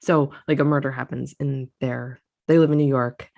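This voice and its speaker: A woman's voice: extremely low pitch, steady tone, moderate pace, creaky, a little mellow, muffled recording. A woman co-hosting a casual chat podcast, talking enthusiastically and repeating herself. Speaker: podcast co-host.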